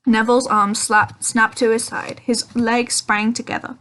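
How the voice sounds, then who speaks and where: A woman's voice: a little high, level tone, unhurried, fairly bright tone. A woman reading a children's novel aloud, with frequent ums and self-corrections. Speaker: audiobook reader.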